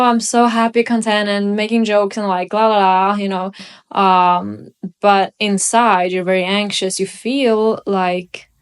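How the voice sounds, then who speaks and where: A young woman reading tarot cards at home, talking slowly and musingly with many pauses. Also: medium pitch, clean tone. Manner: slow, musing delivery with frequent pauses. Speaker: tarot reader. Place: room at home by a window.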